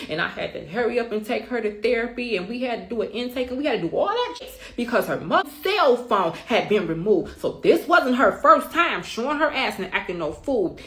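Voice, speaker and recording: A middle-aged mother gives her side in a storytime rant, speaking bluntly and emphatically with frequent swearing. Her voice is fairly high and a bit bright, and the room has a noticeable echo.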